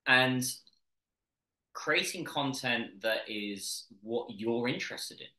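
A man's voice: medium pitch, takes it slowly. A man from the UK with a standard British accent, a guest telling stories energetically in a casual interview, often restarting his sentences. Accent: standard British English. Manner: energetic storyteller with frequent restarts. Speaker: podcast guest, content creator. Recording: roomy echo.

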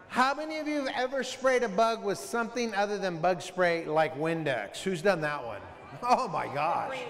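A middle-aged man with a notably high voice addresses a room of students in a lively, storytelling way, quizzing them and acting out sounds. His voice carries long reverb from a large school hall. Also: slight background noise. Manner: storytelling, asks the audience questions, mimics sounds. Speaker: school assembly speaker. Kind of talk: animated talk to students.

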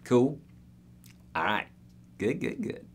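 A man's voice: mid-range voice, big pitch swings, takes it slowly, husky. A middle-aged man, a guitar teacher on a live stream, answering viewer questions in an upbeat, chatty way and speaking to people by name.

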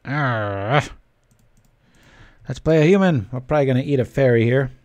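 A man streams a card game and keeps up a casual, joking patter, answering his chat between plays. His voice sits in an ordinary middle pitch. It is recorded close and dry on a desk mic. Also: moderate pace, darkish tone, no room sound, dull audio. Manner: chatty, joking, reads chat aloud. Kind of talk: casual gameplay commentary with chat.

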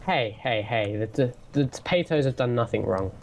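A man's voice: medium pitch, moderate pace, gravelly, a little hiss or hum. A young man chatting casually while gaming, with a dry, sarcastic way of joking, on a headset mic. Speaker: co-player.

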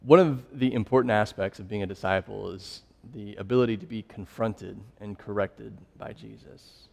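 A man's voice: lowish voice, normal speed, creaky, a little mellow. Man preaching in a reverberant hall. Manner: conversational, laughs often while telling stories. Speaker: pastor. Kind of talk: sermon.

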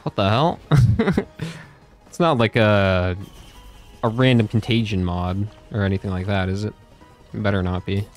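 A man's voice: lowish voice, measured pace, pauses often, faint music behind. A young man doing casual gameplay commentary, chatting to viewers with frequent swearing and laughter. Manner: profane, laughing, loose chatter. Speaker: YouTuber playing a game and talking to chat.

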